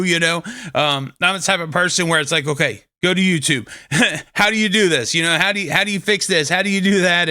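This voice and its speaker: A man's voice: fairly high pitch, sharp tone, clear, resonant tone, no echo, studio quality. A man hosting a faith talk show, telling a personal story in an earnest, casual way with frequent restarts. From Kentucky.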